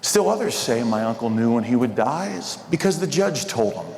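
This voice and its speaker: A man's voice: medium pitch, sing-song, normal speed, gravelly, a little mellow. A man performing live stand-up comedy with playful crowd work at a hotel event. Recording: reverberant hall with crowd noise.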